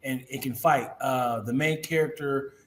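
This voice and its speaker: A man co-hosting a casual podcast, halting and searching for words, then excited. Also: medium pitch. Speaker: podcast co-host. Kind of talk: casual chat.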